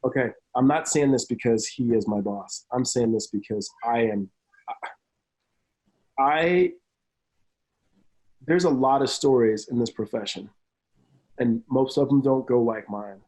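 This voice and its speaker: A man in his thirties, a football coach and pastor, telling his story in an energetic interview, speeding up in quick bursts. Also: medium pitch, low-quality recording. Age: 30s. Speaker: college football analyst and pastor. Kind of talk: remote interview.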